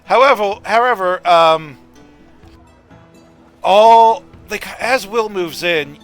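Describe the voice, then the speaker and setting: Relaxed game master narrating a tabletop scene. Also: male voice, high-pitched, slow pace, faint music behind. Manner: loose, conversational narration with frequent restarts.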